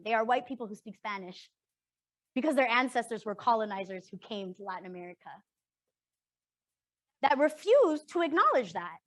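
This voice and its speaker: A young adult woman from Canada leading an interactive workshop, speaking earnestly and emphatically and often checking in with a quick "right?". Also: a little high, a bit bright, no echo. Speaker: workshop facilitator.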